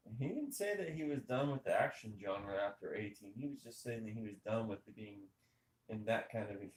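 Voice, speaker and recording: Animated, opinionated man in an echoey room. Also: fairly low pitch, slight background noise. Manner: animated, emphatic, rhetorical questions. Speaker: podcast host. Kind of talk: casual opinionated chat over gameplay.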